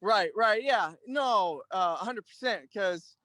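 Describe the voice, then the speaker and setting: A man in his thirties speaks as an interview guest, relaxed and rambling with plenty of fillers and restarts. His voice sits high for a man and comes through smooth and resonant. The sound is dry and close, with no room around it. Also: slow, dry recording. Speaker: guest, Army veteran and clothing-line owner. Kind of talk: casual interview conversation.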